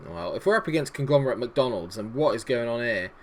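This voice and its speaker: A man giving excitable, jokey let's-play commentary, chatting to the players on screen as he goes. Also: medium pitch, quick pace. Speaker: gaming YouTuber.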